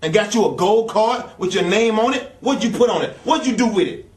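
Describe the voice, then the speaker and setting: A man's voice: high-pitched, expressive, fairly quick. Angry profane man in an echoey room. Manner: angry, blunt and heavily profane. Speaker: interview guest, former wrestler. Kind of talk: profane storytelling rant. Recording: echoey room, speaker far from mic.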